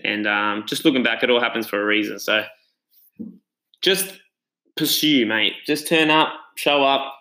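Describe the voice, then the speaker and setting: Aussie bloke chatting about his gym story, bright forward voice, mid pitch, earnest. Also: a little slow, low-quality recording. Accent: Australian. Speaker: gym owner and trainer. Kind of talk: casual personal storytelling.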